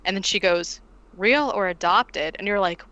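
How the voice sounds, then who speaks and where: A woman's voice: mid-range voice, normal speed, a little hiss or hum, poor audio. A woman co-hosting a podcast, casually retelling a film plot with lots of "like" and acted-out quotes. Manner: animated, heavy use of "like", acts out quotes. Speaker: podcast co-host recapping a film. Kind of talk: casual chat.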